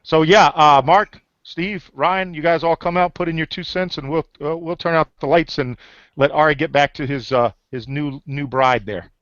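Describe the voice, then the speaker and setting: A man's voice: fairly high pitch, moderate pace, a bit bright, no echo. Upbeat rallying man hosting a call. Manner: pushy, rallying, many fillers. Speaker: host of an online leaders' hangout. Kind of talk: upbeat pitch-style group call. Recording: dull lo-fi call audio.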